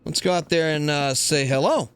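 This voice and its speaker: A man hosting a let's play, rambling crudely and joking to himself over loud game sounds. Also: fairly high pitch, normal speed, slight background noise. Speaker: gaming channel host. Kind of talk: casual let's play commentary.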